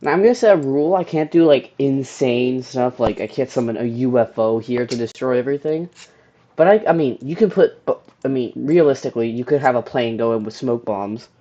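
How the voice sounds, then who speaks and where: A young man commentating a strategy game, excitedly reading event text aloud and cheering. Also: mid-range voice, brisk. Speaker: gaming YouTuber. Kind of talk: let's play commentary. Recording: dull lo-fi home recording.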